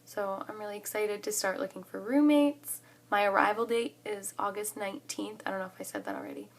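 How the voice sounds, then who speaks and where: A young woman in her twenties telling a story to the camera in a casual vlog, excited and chatty, saying "like" often. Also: mid-range voice, brisk. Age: 20s. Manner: excited and chatty, heavy use of "like". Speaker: college student vlogger.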